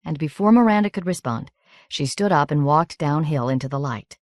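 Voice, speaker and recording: A woman narrating an audiobook in a measured, steady reading. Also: sits low, dry recording, clean studio sound.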